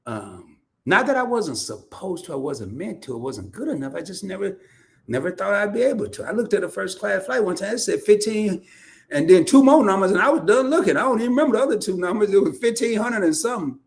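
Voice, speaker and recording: A man from Arkansas, talking casually on a livestream. His voice sits high and swings widely as he tells animated stories, laughing and restarting his sentences often. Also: fairly quick, creaky. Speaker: host.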